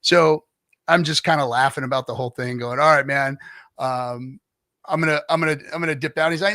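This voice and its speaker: A bright, forward-sounding man with a slightly high voice tells a rambling story on a stream. He acts out the other people in it, and he sounds dry and close on his mic. He is middle-aged and talks in a loose, casual way. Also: brisk, no echo. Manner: animated anecdote-telling, acts out other people's lines. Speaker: livestream guest telling stories.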